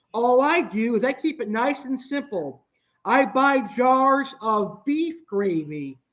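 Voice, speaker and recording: A young man teaching a cooking class, talking through recipe steps plainly with some restarts. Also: extremely high pitch. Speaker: cooking instructor. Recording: dull lo-fi sound.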